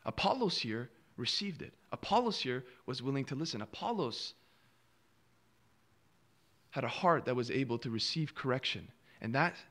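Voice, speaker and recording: Preaching a sermon, a man with a medium-pitched voice fires off rhetorical questions and acts out quoted replies, suddenly dropping to a hush and then swelling in volume.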